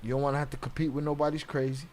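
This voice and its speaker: A man's voice: mid-range voice, little pitch movement, racing, a little mellow. A man hosting a casual live stream, reading chat aloud and talking bluntly with heavy profanity and frequent laughs.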